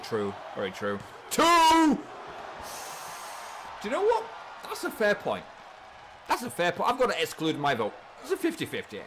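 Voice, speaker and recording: An English man calls the action of a wrestling game on his live stream, talking in a casual, excitable way and swearing freely. His voice is fairly high and very animated, leaping up and down as he repeats himself. A faint noise sits under the voice. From England. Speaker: streamer and commentator.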